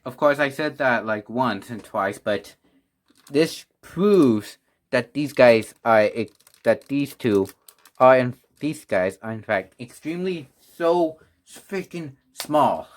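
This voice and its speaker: A man's voice: medium pitch, lively intonation, takes it slowly. A man reviewing toys in a casual vlog, rambling and restarting as he talks, out of breath and sighing. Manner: rambling, restarts often, sighs. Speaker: toy reviewer.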